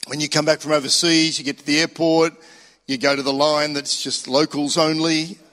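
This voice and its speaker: A man's voice: on the high side, little pitch movement, normal speed, a bit bright. A middle-aged Australian man preaching a sermon in a chatty, storytelling way, with emphatic rises on key points. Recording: long hall reverb.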